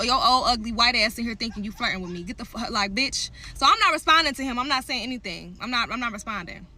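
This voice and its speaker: Bright-voiced, fired-up woman. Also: fairly high pitch. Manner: heated, profane, talks straight to viewers. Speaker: vlogger telling a story. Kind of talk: angry storytime rant.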